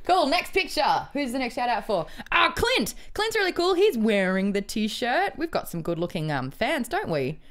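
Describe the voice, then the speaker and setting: Lively, bubbly young woman co-host. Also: fairly high pitch, normal speed, few pauses. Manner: bubbly, reads out fan messages. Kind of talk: casual podcast chat.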